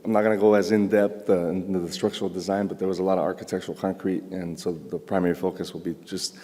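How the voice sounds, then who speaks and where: A man's voice: sits low, little pitch movement, fast, warm tone. A man presenting as a structural engineer at a conference, casual, with many "you know" fillers. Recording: long hall reverb.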